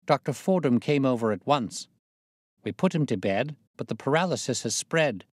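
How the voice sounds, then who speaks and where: A man's voice: medium pitch, expressive, moderate pace, husky, no room sound. Man reading a classic story, dry sound. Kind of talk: storybook narration.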